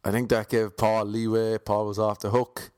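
A man from Cork with a Cork accent spins a comic yarn in a lowish voice. He rambles, second-guesses his own details and drops wry asides as he goes. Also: level tone, moderate pace, a little mellow, clean tone. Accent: Irish, Cork. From Ireland, Cork. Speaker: storyteller. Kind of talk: comic anecdote monologue.

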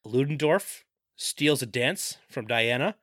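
A man's voice: medium pitch, slow, no echo, clean studio sound. A man co-hosting a podcast, chatting casually about a film and acting out characters' lines. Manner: animated, acts out characters' lines. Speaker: podcast co-host. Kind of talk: casual movie recap chat.

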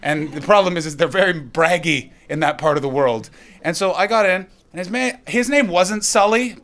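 A man doing stand-up, riffing with the crowd in a profane, animated way on a comedy club stage. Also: fairly high pitch. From North America.

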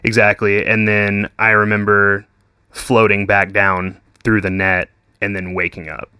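A man's voice: on the low side, completely flat delivery, measured pace, bright, forceful tone, clean tone, dry recording, studio quality. Laid-back guy swearing casually. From Texas. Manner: swears constantly, says "like" and "dude" a lot. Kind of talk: casual chat.

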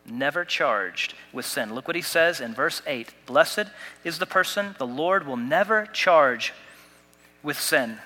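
A man's voice: fairly high pitch, lively intonation, unhurried, bright, forceful tone, in a large hall. A man pastor delivering a sermon, preaching with emphatic repetition and light humor. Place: church sanctuary.

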